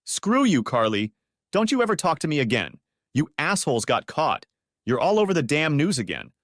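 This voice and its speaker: A man's voice: a little high, sing-song, fairly quick, no echo, studio quality, pitched above the performer's own voice. A man voicing a betrayed businessman husband who talks in angry, clipped, cursing bursts.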